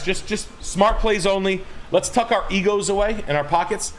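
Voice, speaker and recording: A man hosting a livestream, ranting loudly and emphatically with lots of swearing. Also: on the high side. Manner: loud, swearing, emphatic, rambling. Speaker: streamer host. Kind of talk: profane livestream rant.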